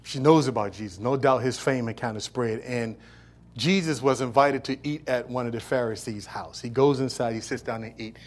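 At a moderate pace and in a mid-range voice, a preacher delivers an impassioned sermon. He retells a story and performs the characters' lines as he goes.

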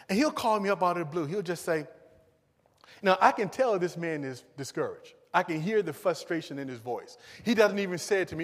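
A man with a high voice delivers a sermon, swinging between emphatic raised passages and low, quiet asides. His words ring out with a long hall reverb behind them. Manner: preachy, rises to emphatic calls and drops to low asides. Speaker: pastor.

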